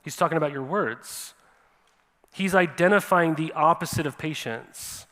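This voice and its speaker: Animated male pastor in a reverberant church. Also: fairly high pitch, normal speed. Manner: animated, repeats "right?" to the congregation. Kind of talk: sermon. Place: church sanctuary.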